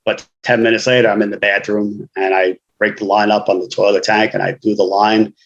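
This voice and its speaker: Frank New man, lowish voice. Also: little pitch movement, a little fast, dull audio. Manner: frank, streetwise, peppered with "you know". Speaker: guest author. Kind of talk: candid conversational storytelling.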